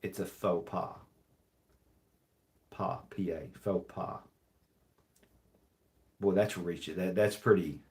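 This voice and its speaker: A man hosting a live stream, reading jokes aloud in a dry, deadpan way and rambling with many restarts and apologies. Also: deep voice, slow pace, gravelly, pauses often. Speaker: livestream host. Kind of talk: casual livestream chat, reading jokes aloud.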